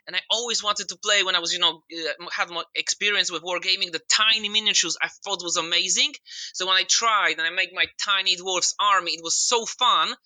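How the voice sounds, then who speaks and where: Bright-voiced Polish man, dry close mic. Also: high-pitched, steady tone, brisk, no room sound, poor audio. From Poland. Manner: modest, chatty, non-native grammar. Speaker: podcast guest. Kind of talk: casual interview chat.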